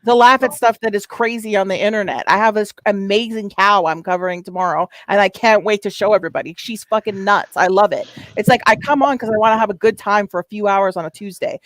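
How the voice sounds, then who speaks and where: A woman chatting bluntly on a livestream panel. She swears freely and gets excited when she talks. Her voice sits at an ordinary middle pitch. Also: fast, few pauses, no room sound, rough recording. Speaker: panel guest. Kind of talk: casual livestream panel chat.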